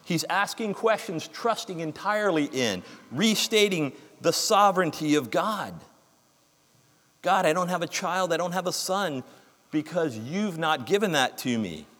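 A man delivers an earnest sermon, reading scripture aloud with emphasis before explaining it. His voice sits a little high for a man. The sound carries a long reverb, as in a large hall. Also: a bit bright. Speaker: preacher.

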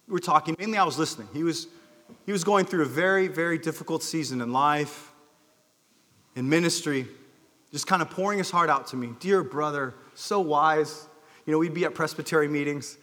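A male pastor delivers an earnest sermon in a church sanctuary, his fairly high voice lifting into emphatic calls and then sinking low and soft. A long hall reverb trails each phrase. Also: a little fast.

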